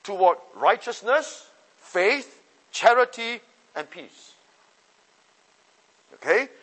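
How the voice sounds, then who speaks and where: A man with a high voice preaches a sermon with force, repeating his phrases and moving from loud calls to soft asides. His words ring out with a long reverb, as if he were in a large hall. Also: animated, takes it slowly.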